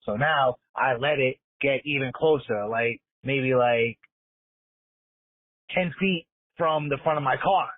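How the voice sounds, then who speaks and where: A man recounts a late-night encounter in a loose, streetwise manner, swearing as he goes. His voice sits at a middling pitch and comes through a tinny phone voicemail line. The sound is dry. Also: slow pace, no room sound. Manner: casual, streetwise storytelling with swearing. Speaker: caller. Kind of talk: voicemail story.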